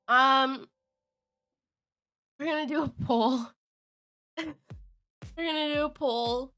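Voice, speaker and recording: A high, bright-toned woman chatting on a live game stream, taking her time with her words. She is giggly and flustered and keeps breaking into laughter. Faint music plays behind her. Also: takes it slowly, pauses often. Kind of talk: casual live-stream chat.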